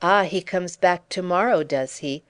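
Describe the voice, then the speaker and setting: A woman's voice: fairly low pitch, a little slow, clean tone, natural voice. A woman reading as a theatrical young Frenchman, grand and mocking in manner, in an audiobook.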